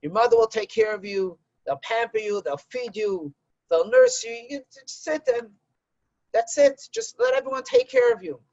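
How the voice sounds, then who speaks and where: A man's voice: extremely high pitch, wildly swooping pitch, moderate pace, gravelly, darkish tone, no echo, lo-fi sound, exaggerated voice. A man voicing God as a kindly, easygoing male creator who hands out tasks in a folk tale. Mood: generous. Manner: easygoing, bargaining tone.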